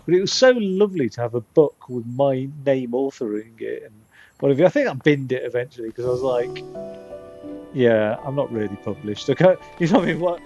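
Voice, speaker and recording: A man's voice: mid-range voice, expressive, fast, darkish tone, soft background music. A man rambling in casual gameplay commentary, often stopping and restarting his sentences. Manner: rambling, self-interrupting chatter. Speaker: streamer.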